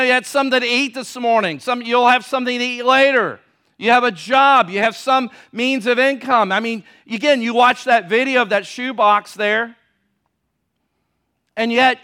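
A man's voice: extremely high pitch, pushed and bright. A man preaching a sermon in a conversational style, asking his listeners questions and repeating key phrases for emphasis. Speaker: pastor.

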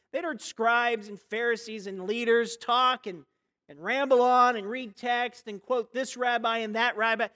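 A pastor preaching a sermon in a conversational, storytelling way, full of rhetorical questions and sudden drops and rises in loudness. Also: medium pitch. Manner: big swings between hushed and loud.

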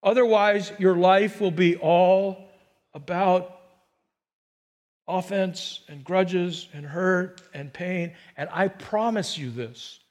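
A high-pitched man preaches with lively, theatrical delivery. He slips into the voices of the people in his stories, and his voice swells from quiet asides to near-shouts. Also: takes it slowly. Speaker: pastor. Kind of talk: sermon.

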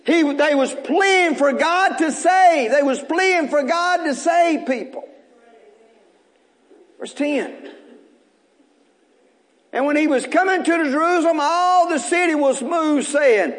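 A man preaching a sermon as pastor, reading scripture aloud and calling out to his congregation, building up to shouts at the high points. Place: church service.

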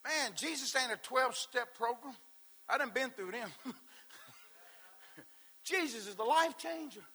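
Fervent high-voiced male preacher. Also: measured pace, husky. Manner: shouted, fervent preaching between laid-back joking stories. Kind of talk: sermon with humorous storytelling.

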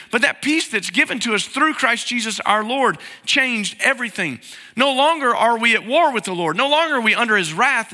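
A man's voice: sits high, pushed and bright. A middle-aged man preaching a conversational sermon from a church sanctuary, asking the congregation to repeat after him. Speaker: pastor. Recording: hall reverb.

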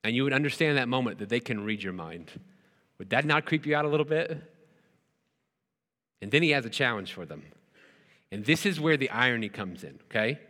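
A pastor gives a conversational sermon to his church congregation in a bright, forceful, mid-range voice that rings with long reverb off the hall. He is expressive and brisk yet takes long pauses, repeating words and often stopping to pose rhetorical questions.

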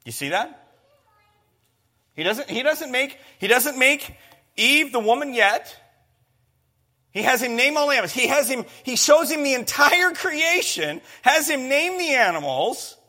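A man's voice: very high voice, very animated, a little slow, pauses often, bright, forceful tone. A man preaching a sermon, emphatic, repeating phrases and calling on the congregation to answer.

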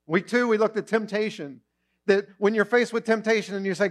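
A male pastor preaching a sermon in a church, animated and acting out the voices he quotes. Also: high voice, brisk. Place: church auditorium, also streamed online.

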